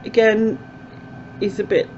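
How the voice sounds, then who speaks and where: Talking casually to camera, this female vlogger rambles and uses lots of fillers at a measured pace. Her medium-pitched, darkish voice has little pitch movement. The dull, lo-fi recording carries a bit of hiss or hum.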